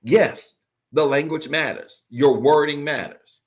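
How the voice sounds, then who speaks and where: Man preaching with emphatic repeats. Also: a little high. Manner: preaching with sudden soft drops and slow emphatic repeats. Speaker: pastor. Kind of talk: sermon. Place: online church service.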